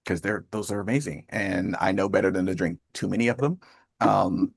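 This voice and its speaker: A man's voice: low voice, fairly even intonation, fairly quick, vocal fry, breathy edge, dry recording, clean studio sound. A man in his fifties hosting a group call, chatting casually in a rambling way and laughing often. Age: 50s. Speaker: host of an accountability call.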